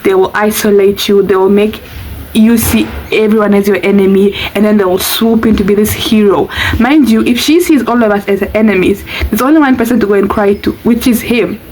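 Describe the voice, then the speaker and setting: A woman, telling a storytime vlog in an animated, chatty way. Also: mid-range voice, fairly quick, slight background noise, low-quality recording. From Namibia. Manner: animated, chatty, exclamatory asides. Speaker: vlogger.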